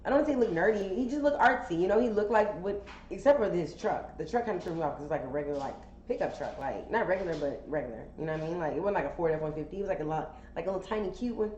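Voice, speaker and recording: A woman's voice: on the low side, lively intonation, racing, hardly any pauses, a little mellow. A woman telling a casual, candid story for a podcast, chatty and profane, full of fillers. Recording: roomy, dull sound with faint noise.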